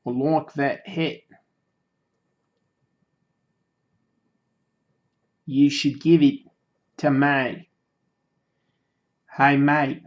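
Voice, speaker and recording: A man's voice: on the high side, dull audio. A man putting on a cheery Aussie bloke. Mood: pushy. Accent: attempted Australian. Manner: slow drawn-out phrases, repeats a catchphrase. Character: cheery Australian bloke, hat-coveting.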